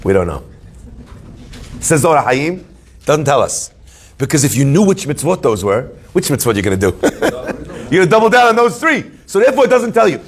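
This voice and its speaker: A man, a rabbi, giving a Torah class to a live audience, animated and joking, telling stories and asking questions. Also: mid-range voice, moderate pace, long pauses. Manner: animated, joking storyteller who asks questions.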